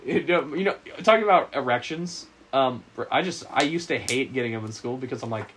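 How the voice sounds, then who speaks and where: A young man co-hosting a casual podcast, rambling and joking crudely, his voice a little rough from being sick. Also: medium pitch, lively intonation, a little fast, a bit bright, a little hiss or hum. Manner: joking, rambling, laughs often. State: sick, husky voice. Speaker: podcast co-host.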